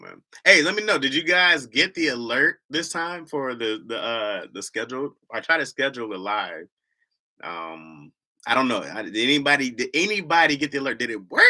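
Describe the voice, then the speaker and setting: Man, Michigan accent, livestream host, casual slangy rambling, lively swinging pitch, sharp bright tone. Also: brisk. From Lansing, Michigan, US. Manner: slangy, rambling, laughs often.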